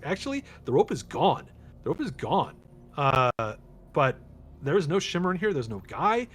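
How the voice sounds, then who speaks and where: An easygoing man running a tabletop game, narrating at a mid-range pitch. He talks loosely with plenty of ums, over a faint background hiss. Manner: relaxed, chatty, with many fillers. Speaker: game master.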